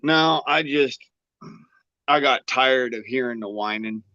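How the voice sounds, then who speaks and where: A drawling man, joking and profane in casual chat. His middle-pitched voice comes through a dull, muffled online feed with a dry, close sound. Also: slow pace, pushed and bright, no echo.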